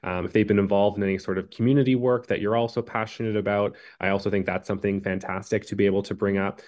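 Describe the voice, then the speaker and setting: A man answering interview questions about job hunting in a measured way, with frequent ums and uhs. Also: on the low side, little pitch movement, darkish tone. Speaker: career advice guest.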